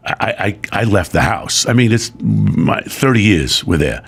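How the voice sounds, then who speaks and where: A middle-aged man, a guest, telling a personal story in casual chat, emotional and animated. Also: lowish voice, measured pace, gravelly, slightly rough.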